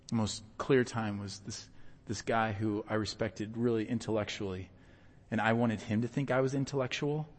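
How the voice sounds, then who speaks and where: A man preaching a sermon as pastor, telling personal stories in an earnest, animated way with bursts of loud emphasis. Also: medium pitch. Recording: long hall reverb.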